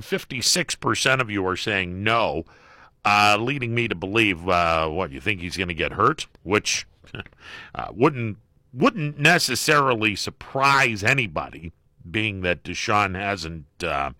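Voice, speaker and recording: Middle-aged male talk-radio host, dry studio sound, bright animated delivery, wry and joking. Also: on the low side, dry recording. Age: middle-aged or older. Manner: wry, joking, with frequent fillers. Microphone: studio microphone.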